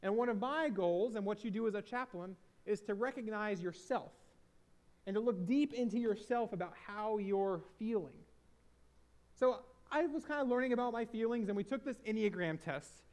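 Man, high register, earnest confessional storyteller addressing a crowd; leans on repetition. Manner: earnest, confessional, repeats phrases for emphasis. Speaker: speaker and former hospital chaplain. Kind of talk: personal storytelling talk to an audience.

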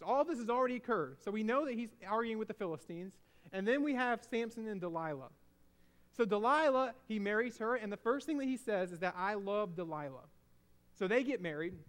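A man preaching, retelling a Bible story in a casual, animated way with frequent restarts. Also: sits high. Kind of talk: sermon storytelling.

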